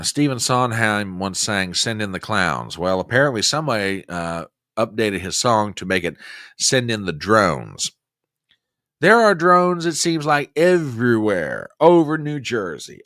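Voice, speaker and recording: A man's voice: lowish voice, a bit bright, no echo, studio quality. A man hosting a casual news commentary livestream, folksy and chatty as he talks straight to his viewers. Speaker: host.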